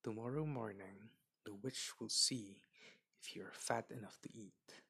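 A clever little storybook girl, voiced by a man speaks in a raised, childlike tone. The voice stays husky and a little gravelly underneath. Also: lowish voice, a little slow, pushed and bright, exaggerated voice. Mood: scheming. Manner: pleading, childlike.

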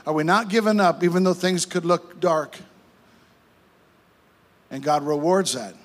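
A man's voice: a little high, measured pace. A man. He builds fervor by stacking repeated phrases, stumbling into restarts, and pressing on. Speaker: pastor. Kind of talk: sermon.

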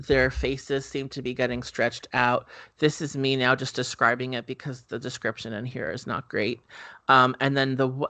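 A man's voice: mid-range voice, pushed and bright, clear, resonant tone, no room sound. A man hosting a podcast, casually recapping a horror movie with lots of fillers and offhand swearing. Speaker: podcast host.

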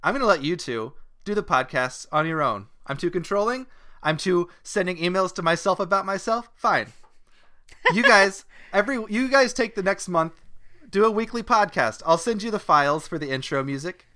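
Man, Australian accent, bright tone, podcast host, casual comedy chat, earnest rambling. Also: high voice, animated, moderate pace.

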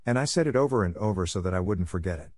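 A dramatic, wide-eyed orphan girl, read by a man, gushing and theatrical about every little thing. The voice stays low, with a dry, close storybook sound. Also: animated, racing, darkish tone, no room sound. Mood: weary. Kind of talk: audiobook character reading.

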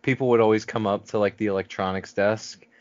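A man's voice: lowish voice, fairly even intonation, brisk, a little mellow, no room sound. A man hosting a casual podcast, asking questions and teasing his co-hosts. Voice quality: playful, teasing. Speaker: podcast host. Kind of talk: casual chat. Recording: dull lo-fi podcast audio.

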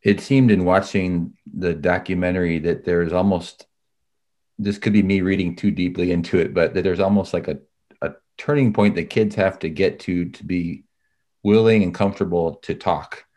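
A man hosting a podcast, asking long, thoughtful questions in a measured way, with careful hedges and restarts. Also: low voice, fairly even intonation, darkish tone. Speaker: podcast host, interviewer. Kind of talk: interview questions.

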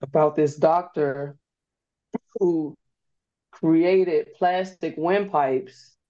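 A young woman, a guest on a casual podcast, telling stories in an animated, slangy way. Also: low-pitched, very slow. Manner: animated storyteller, slangy, laughs often. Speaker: guest, host's niece. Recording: dull lo-fi recording.

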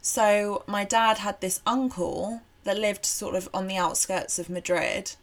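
A woman co-hosts a podcast and tells a story at a slow, easy pace. She sounds relaxed and giggly, with her voice at a middle pitch. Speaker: podcast co-host. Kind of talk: casual podcast chat, storytelling.

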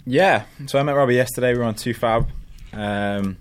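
A man's voice: mid-range voice, moderate pace. A man with a Northern English accent, a guest in casual chat, laid-back and self-deprecating. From northern England.

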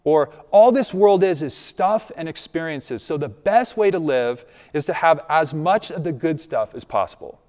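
A man's voice: fairly high pitch, lively intonation, normal speed, hardly any pauses, darkish tone, big-room sound. A man preaching a sermon as a pastor, conversational and emphatic, with asides to his listeners.

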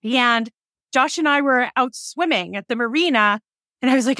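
A woman's voice: fairly high pitch, normal speed, pushed and bright, dry recording, clean studio sound. A woman in her forties from telling stories as an interview guest, laughing often and acting out quoted dialogue. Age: 40s. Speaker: guest, cemetery preservation business owner. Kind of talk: casual interview storytelling.

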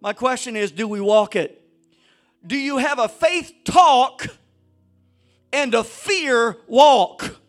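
A man preaching a sermon to a church congregation, swinging between shouted exhortation and low conversational asides. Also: slow pace, pauses often, faint music behind. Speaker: pastor.

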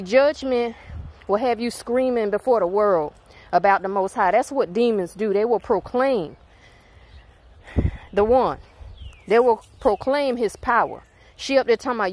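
A woman's voice: medium pitch, darkish tone. A woman with a Southern US accent ranting to her viewers, blunt, emphatic and full of profanity. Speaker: spiritual channel host. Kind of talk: heated rant to viewers.

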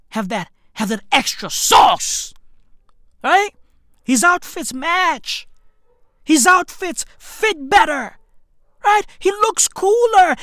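High, swinging, slang-heavy woman podcaster. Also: no room sound, studio quality. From Africa. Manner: excitable, swears a lot, slangy, laughs often; leaps between loud highs and low mutters. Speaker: podcast host. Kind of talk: profane comedic rant.

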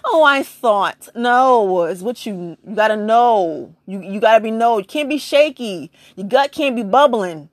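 A woman's voice: measured pace, few pauses, dry recording, clean studio sound. A woman giving blunt, preachy spiritual advice in a casual monologue, firing off rhetorical questions and swearing freely. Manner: animated, big jumps in pitch.

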